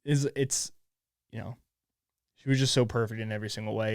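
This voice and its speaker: A young man in his twenties hosting a solo podcast, talking in a halting, emotional way with many restarts and swearing, choked up and near tears. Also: on the low side, steady tone, dry recording, clean studio sound. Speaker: podcast host. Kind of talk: casual solo podcast monologue.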